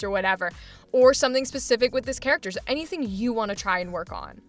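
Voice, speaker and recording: Woman, acting coach, high bright voice, upbeat and laughing, faint music under her. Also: expressive, fast talker. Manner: enthusiastic, laughs often, encouraging. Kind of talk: coaching feedback chat.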